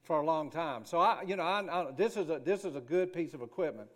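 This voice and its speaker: A middle-aged man talks like a minister sharing a homespun story. He rambles and restarts often in a relaxed, folksy way, and his voice sits a little higher than most men's. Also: fast talker.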